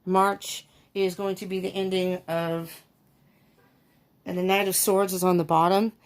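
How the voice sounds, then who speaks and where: A woman's voice: on the low side, little pitch movement, measured pace. A woman giving a casual tarot reading to her viewers, thinking aloud with many ums and laughing often. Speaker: tarot reader.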